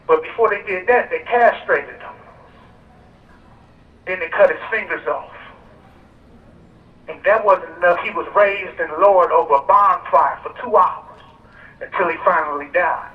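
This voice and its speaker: Male prison caller, measured speech, muffled phone line over outdoor speakers. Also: high voice, echoey room, far from the mic. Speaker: death row prisoner calling into a rally. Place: prison phone relayed to an outdoor park rally.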